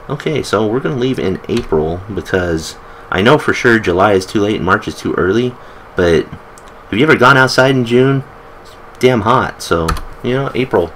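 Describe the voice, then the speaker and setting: Casual let's play host, a man, chatty and joking, slightly low voice, faint typing in the background. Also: fairly quick, a bit bright, slight background noise, poor audio. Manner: chatty, joking asides, reads game text aloud. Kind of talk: casual gameplay commentary.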